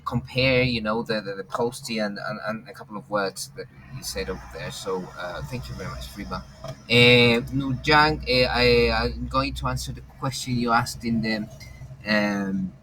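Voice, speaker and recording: A male English teacher on an online call, speaking at a middle pitch with lots of "uh"s and restarts as he calls on students. A faint hiss sits behind his voice. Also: normal speed, sharp tone, poor audio. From England. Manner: hesitant, many fillers and restarts. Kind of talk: online class discussion. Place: home, online video call. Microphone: computer mic on video call.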